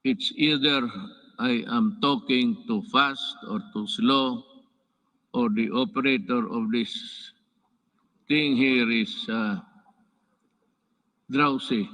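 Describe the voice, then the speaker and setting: A man's voice: mid-range voice, a bit bright. A man with a Filipino accent giving a formal address from a podium in a large indoor hall. He breaks into off-script asides and keeps restarting and correcting himself. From Philippines. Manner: halting, with restarts and self-corrections. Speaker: head of state giving an address. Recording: long reverb of a large hall.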